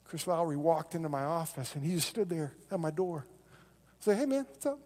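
A middle-aged man preaching in a church, his voice riding high as he acts out the people in his stories. He swings between loud, animated bursts and quiet, earnest asides. A long reverb from the hall trails behind every phrase. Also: normal speed. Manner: animated storytelling, acting out quoted voices, then dropping to soft earnest lows. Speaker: pastor. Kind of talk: sermon. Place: church sanctuary.

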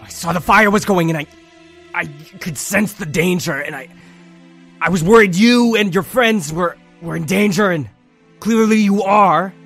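A man voicing a worried husband who arrives on horseback, speaking loudly and with agitation, with faint music behind. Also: high voice, moderate pace, pitched above the performer's own voice. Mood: agitated. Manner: loud, agitated.

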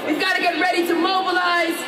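A woman politician giving a fiery rally speech, shouting slogans. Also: very high-pitched, level tone, fast. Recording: noisy crowd rally clip. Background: cheering crowd.

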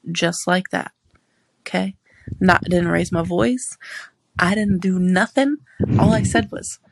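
A woman in her thirties co-hosting a casual podcast, telling blunt, deadpan stories about her family. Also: medium pitch, unhurried, vocal fry, slight background noise. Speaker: podcast co-host. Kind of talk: casual chat.

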